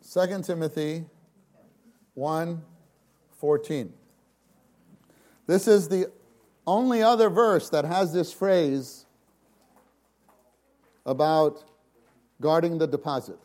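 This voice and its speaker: A man preaching a sermon, shifting from hushed, slow passages to sudden loud, dramatic exclamations. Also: fairly high pitch. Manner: slow, emphatic delivery.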